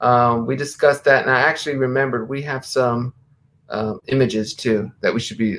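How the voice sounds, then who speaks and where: A man's voice: mid-range voice, unhurried, fairly bright tone. Host, an American man with a mid-range voice, conversational, reads quotes aloud. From USA. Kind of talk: casual live-stream chat.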